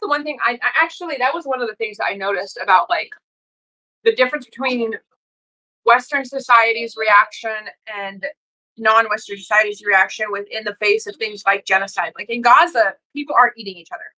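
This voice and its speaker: Bright-voiced woman, emphatic. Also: a little high, fairly quick, poor audio. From United States. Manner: emphatic, repeats her points, many "like" fillers. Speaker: podcast co-host. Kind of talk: casual chat.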